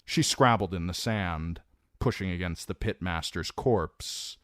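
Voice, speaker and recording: Male narrator for a fantasy audiobook: deep, unhurried, dramatic delivery, dry close sound. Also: fairly bright tone, dry recording. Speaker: audiobook reader.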